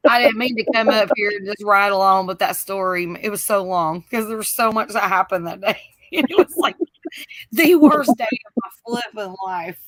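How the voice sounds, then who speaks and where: A woman telling a long story in a casual chat, animated, laughing and swearing, with lots of "like" fillers. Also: medium pitch, fairly quick, no room sound.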